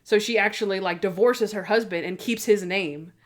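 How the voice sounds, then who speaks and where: Over slight background noise, a woman with a mid-range voice and moderate pace co-hosts a casual podcast, eagerly recapping TV episodes. She brings the scenes to life by acting out the characters' lines and laughing.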